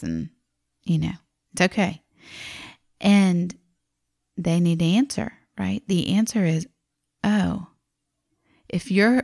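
A woman hosting a parenting podcast, explaining things in an animated way and acting out what she and her children say. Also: lowish voice. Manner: animated, acts out kids' and her own quotes. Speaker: podcast host.

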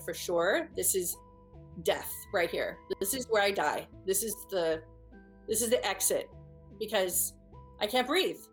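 Earnest woman telling her own story. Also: medium pitch. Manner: earnest and vivid, with halting restarts and repeated phrases. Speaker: speaker recounting a personal experience. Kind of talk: first-person storytelling to an audience.

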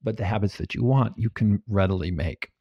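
Low gravelly man, calm explainer. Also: brisk, no room sound. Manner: calm, patient, explains with everyday examples. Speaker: guest, habits researcher. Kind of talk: explaining methods in an interview. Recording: dull, dry, lo-fi sound.

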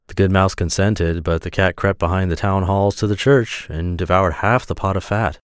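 Man, podcast host, reading a fairy tale, low voice, relaxed storytelling, dry close sound. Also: moderate pace, hardly any pauses, clean tone, no room sound.

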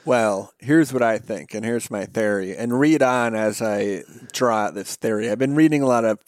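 A man's voice: fairly low pitch, normal speed, no echo, clean studio sound. A man co-hosting a podcast in casual, joking banter, riffing and cutting in on his partner. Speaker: podcast co-host.

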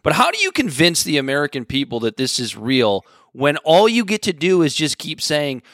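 A man co-hosting a casual political podcast, talking in a halting way with many restarts and fillers. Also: fairly high pitch, wildly swooping pitch, fairly bright tone, no room sound, studio quality. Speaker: podcast co-host.

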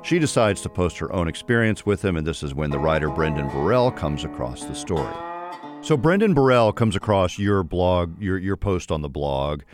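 A man hosting a podcast, narrating and asking measured questions that recap the story. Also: sits low, lively intonation. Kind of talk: interviewing and scripted narration. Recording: music playing underneath.

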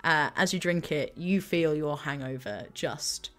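A woman runs a tabletop role-playing game, describing scenes in a loose, rambling way full of little fillers. Her voice sits a little low. Faint music plays behind her. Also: a little slow, fairly bright tone. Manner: loose, chatty, lots of fillers. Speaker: game master.

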